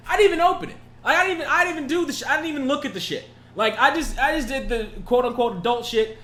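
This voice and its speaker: A man's voice: very high-pitched, fast talker, pushed and bright, roomy sound. A man co-hosting a casual podcast, telling a laid-back story with laughs and swearing. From California. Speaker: podcast co-host. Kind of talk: casual chat.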